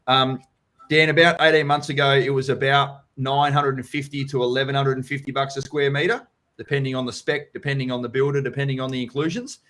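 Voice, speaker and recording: A man's voice: mid-range voice, flat delivery, brisk, fairly bright tone. An Australian man hosting a live property Q&A, talking bluntly and casually, swearing freely and calling people mate and buddy. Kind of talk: casual live-stream chat.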